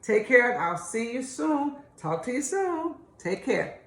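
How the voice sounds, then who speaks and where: A woman's voice: high-pitched, big pitch swings, measured pace. A woman hosting a casual home cooking video, chatty and homey, calling her viewers y'all. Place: home kitchen. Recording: echoey kitchen room.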